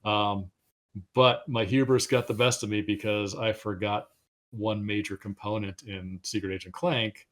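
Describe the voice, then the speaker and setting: A man's voice: lowish voice, steady tone, a little slow. A middle-aged man, a game designer being interviewed, telling stories in a casual, rambling, self-deprecating way and sometimes tripping over his words.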